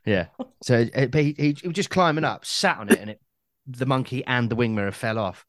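A man's voice: mid-range voice, brisk, dry recording, studio quality. A man co-hosting a podcast, telling stories in a rambling, sweary way with many restarts. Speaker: podcast co-host. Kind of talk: casual chat.

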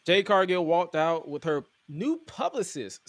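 A man hosting a podcast, recapping wrestling in casual chat, animated and incredulous as he quotes promos aloud. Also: on the high side, a little slow, hardly any pauses. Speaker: podcast host.

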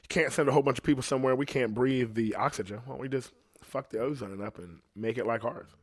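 Guy rambling on his podcast, cussing a lot, dry close mic, loud then mumbly. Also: medium pitch, fast, no room sound. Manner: rambling, profane, swings between loud outbursts and muttering. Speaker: podcast host. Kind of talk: casual podcast chat. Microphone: podcast microphone.

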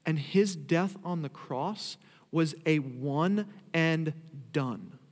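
A pastor preaches a sermon from the front of a church, his male voice sitting slightly high. He begins conversationally, then rises into emphatic, drawn-out declarations. A long hall reverb from the sanctuary surrounds the sound.

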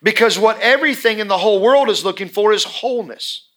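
A man with a high, bright voice delivers an emphatic sermon in church. He presses his points by repeating phrases over and over, preaching with conviction. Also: fairly quick. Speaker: pastor.

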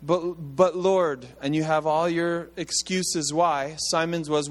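A man's voice: on the high side, takes it slowly. Conversational male pastor preaching in a hall. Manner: conversational, animated preaching with asides to the congregation. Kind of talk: sermon.

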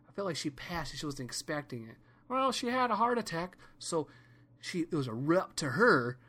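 Bright-voiced ranting man. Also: fairly high pitch, brisk. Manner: profane, rambling, animated storytelling. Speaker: podcast host. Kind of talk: casual comedic rant.

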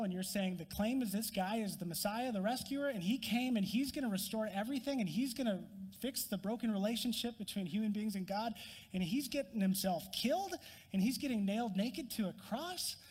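Man, pastor, sermon, earnest, swings between emphatic and hushed, long hall reverb. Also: high-pitched. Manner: earnest, rises in emphasis then drops quiet.

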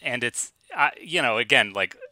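Chatty man from San Diego, bright tone. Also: mid-range voice, lively intonation, moderate pace, no echo. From San Diego, California. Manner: chatty, laughs often, upbeat. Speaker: podcast co-host. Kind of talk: casual film discussion.

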